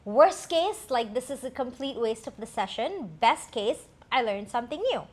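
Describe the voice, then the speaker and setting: Woman co-host, fairly high voice, candid and reflective, casual personal storytelling. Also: normal speed. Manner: candid, reflective, many fillers.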